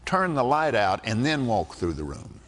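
An older man preaching a sermon, telling a folksy story with frequent laughter in an animated way. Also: medium pitch, moderate pace, noisy background. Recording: echoey hall.

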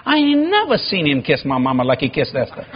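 A man's voice: a little high, wildly swooping pitch, a little fast, husky, lo-fi sound. A man, a pastor telling a story in a sermon, acting out the dialogue and laughing often. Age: 50s.

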